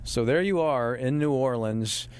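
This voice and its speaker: A man's voice: mid-range voice, unhurried, smooth. A man hosting an interview, leading his guest through his career story. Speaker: interview host. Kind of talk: conversational interview.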